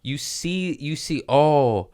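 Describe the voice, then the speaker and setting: A man's voice: fairly high pitch, lively intonation, slow, a little mellow, smooth. Guy hosting a podcast, goofy, laughs a lot, slangy chat. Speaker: podcast host. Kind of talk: casual chat.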